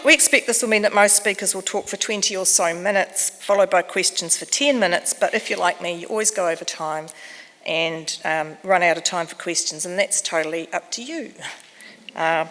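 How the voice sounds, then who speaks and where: A woman's voice: mid-range voice, a bit bright, slight background noise. A woman, a conference organizer giving chatty, self-deprecating housekeeping announcements with frequent ums. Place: conference hall. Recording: echoey hall with long reverb.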